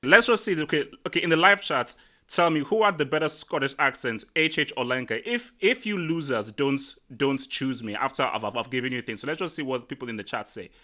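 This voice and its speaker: A man hosting a casual live football stream, teasing and boastful, talking excitably to his guest and the chat. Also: mid-range voice, fairly quick. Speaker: livestream host.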